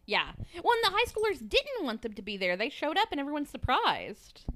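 A woman's voice: high-pitched, huge pitch swings, brisk, a bit bright, a little hiss or hum. A woman from the American South co-hosting a podcast, chatting casually about a TV episode into a microphone and laughing often. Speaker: podcast co-host. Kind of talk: casual chat recapping a TV episode. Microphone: studio microphone.

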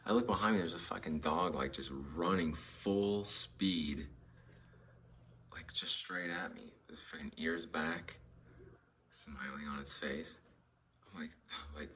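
Deep-voiced man ranting on a podcast. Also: slow pace, pauses often, fairly bright tone, slight background noise. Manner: profane, rambling, worked-up ranting. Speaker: podcast host. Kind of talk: casual rambling podcast monologue. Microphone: studio monitors and headphones.

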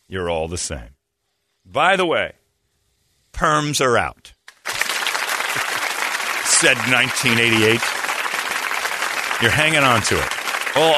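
A man's voice: mid-range voice, very animated, a loud crowd, heavy background noise. A man hosting a radio show with mocking, joke-heavy banter. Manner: mocking, quick with jokes.

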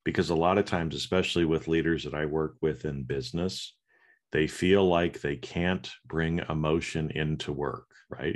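Deep-voiced man coaching in conversation. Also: steady tone, moderate pace. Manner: conversational, restarts and repeats words while thinking aloud. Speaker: podcast co-host and leadership coach. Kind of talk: casual chat.

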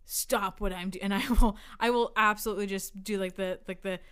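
A woman's voice: mid-range voice, steady tone, fairly quick, a bit bright, clean tone. A young woman co-hosting a casual podcast, telling rambling self-deprecating stories with giggles. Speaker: podcast co-host. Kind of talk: casual chat.

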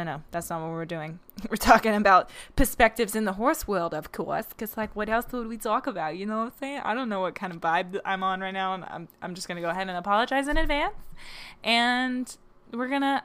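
A woman's voice: medium pitch, fairly quick, fairly bright tone. A young woman hosting her own podcast, chatting loosely and joking at her own expense, with lots of fillers and laughter. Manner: rambling and self-mocking, with frequent fillers; laughs often between thoughts. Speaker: podcast host. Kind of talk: casual solo podcast chat.

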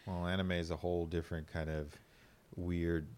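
A man's voice: deep voice, level tone, moderate pace, darkish tone. A man co-hosting a podcast in casual chat, rambling through wordy asides and laughing often. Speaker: podcast co-host.

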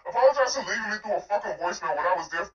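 A man's voice: high voice, very fast. A young man telling a messy breakup story in a profane, exasperated casual rant. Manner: profane, exasperated, animated retelling. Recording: distant, echoey, muffled voice message.

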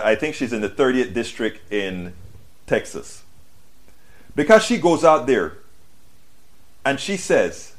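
Impassioned male livestream host. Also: medium pitch. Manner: impassioned, emphatic, repeats phrases with restarts. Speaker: livestream political show host. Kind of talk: live political commentary reading viewer comments.

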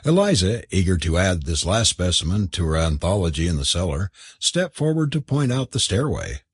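A man narrating a novel aloud in an expressive, theatrical reading. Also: deep voice, moderate pace, no echo, studio quality. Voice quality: husky. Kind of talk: audiobook narration.

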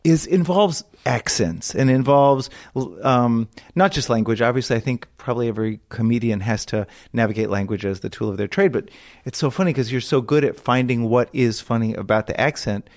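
A man of about fifty hosting an interview podcast. His questions wander and restart as his enthusiasm runs ahead. He is casual and quick to laugh. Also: medium pitch, a little mellow. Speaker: podcast host.

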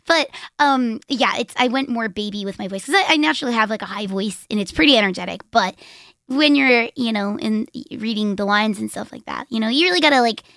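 A hoarse woman speaking as a guest voice actor on a podcast, energetic and rambling, full of fillers. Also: fairly high pitch, brisk, dry recording. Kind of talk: casual podcast chat.

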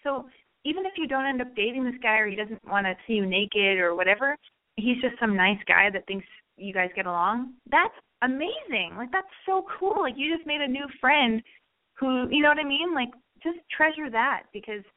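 A woman with a fairly high voice hosts a radio advice segment. She talks bluntly and with lots of energy, and she swears freely as she gives a caller a pep talk. Her voice comes through thin and phone-like. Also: expressive, normal speed. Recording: phone-like narrow band.

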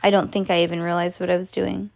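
A woman's voice: lowish voice, flat delivery, fast talker, creaky, a little mellow, no echo. A woman reading the lines of a shy, nervous fifteen-year-old boy in a storybook.

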